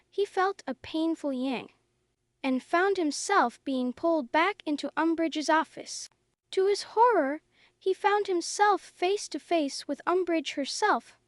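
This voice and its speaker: A woman narrating a story in a slow, clear, even reading for English learners. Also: very high-pitched, no echo, studio quality.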